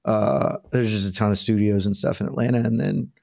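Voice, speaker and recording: Relaxed chatty male podcast co-host. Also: on the low side, a little fast, creaky. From southern United States. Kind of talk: casual sports chat.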